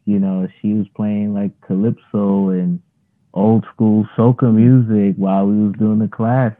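A man in his thirties telling a story as an interview guest, laid-back and rambling with lots of fillers. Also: fairly low pitch. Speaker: guest, yoga practitioner. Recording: phone-like narrow line.

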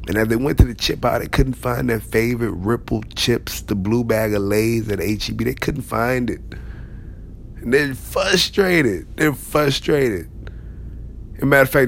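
A man's voice: fairly low pitch, gravelly, a little hiss or hum. A man giving a conversational motivational talk to leaders, emphatic and repeating key phrases. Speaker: motivational speaker.

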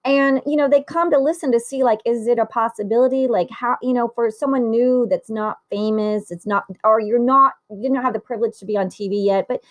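A woman's voice: on the high side, brisk, hardly any pauses. A woman hosting a podcast, asking questions in an enthusiastic, chatty way. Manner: enthusiastic, laughs often. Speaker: podcast host. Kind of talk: casual interview chat.

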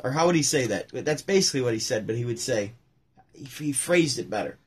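Husky man telling stories casually. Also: mid-range voice, fast talker. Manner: rambling, animated storytelling with restarts. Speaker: host. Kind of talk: casual chat.

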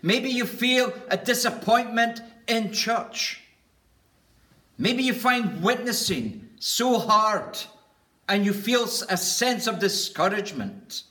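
A man preaching with a high, bright voice at an unhurried pace. He speaks earnestly and deliberately, lingering on each word as he builds a list. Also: animated. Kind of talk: sermon.

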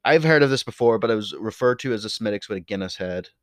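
A man's voice: on the low side, lively intonation, fast talker, dry recording. Blunt Irish man ranting to camera. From Ireland. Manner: blunt, opinionated, swears freely. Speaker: video creator. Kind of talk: casual to-camera monologue.

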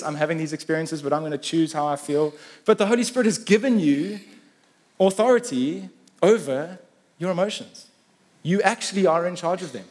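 Animated preacher, man. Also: high voice. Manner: animated preaching, rising to emphatic peaks; voices Peter's challenges in a raised, slowed voice. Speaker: pastor. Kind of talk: sermon.

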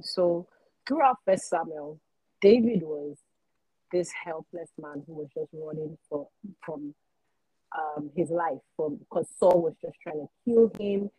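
A woman co-hosting a faith talk show, calmly explaining a Bible story. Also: lowish voice, slightly rough, no room sound, low-quality recording. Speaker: co-host.

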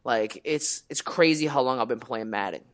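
A young man co-hosting a podcast, telling a story in casual chat, animated, swearing freely and acting out the people he quotes. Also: medium pitch, normal speed. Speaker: podcast co-host.

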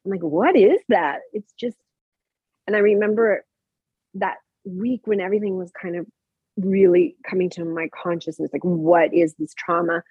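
Here a Canadian woman with Mexican roots tells conversational stories about her spiritual life as a guest, often restarting and filling pauses. Her husky, low voice moves at normal speed. The sound is dry and tinny like a phone, with no room sound.

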